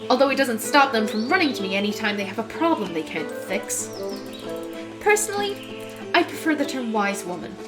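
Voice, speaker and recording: Woman doing a scornful old witch lady, brash and loud, kinda high voice, music going under it. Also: sing-song, normal speed. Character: bitter older wise woman, sharp-tongued witch. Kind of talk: voiced game reading.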